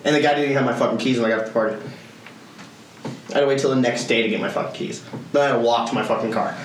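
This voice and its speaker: A young male podcast co-host talks very fast in a mid-range voice with fairly even intonation. He chats casually, laughing often and telling stories loosely and profanely. The recording has room echo, faint noise, and a far-off mic.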